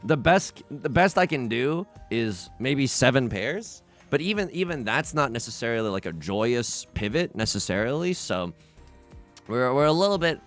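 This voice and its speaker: A man's voice: medium pitch, very animated, moderate pace, faint music behind. Young guy rambling over his game, lots of restarts, voice bounces up and down. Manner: rambling, self-interrupting, frequent restarts. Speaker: let's play host. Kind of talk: casual game commentary.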